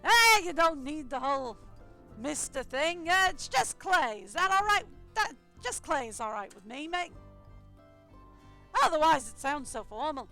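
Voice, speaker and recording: Hearty adventurer bloke, woman putting it on, wobbly aussie twang, high and bright. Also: very animated, measured pace, faint music behind, heavily acted. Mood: friendly. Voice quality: shaky put-on Australian accent. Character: cheerful burly male adventurer, friendly and hearty.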